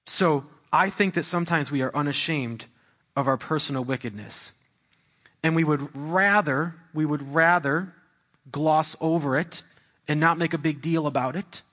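Brief: young pastor, somewhat high voice, casual sermon style that builds to fervent, church mic. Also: male voice, normal speed, fairly bright tone. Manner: conversational preaching with restarts, building to raised intensity. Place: church hall. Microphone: handheld or stand microphone.

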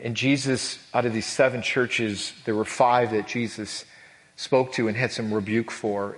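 A man's voice: fairly low pitch, vocal fry, a bit bright. A male pastor preaching a casual, conversational sermon, chatty and full of restarts and acted-out asides. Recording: long hall reverb.

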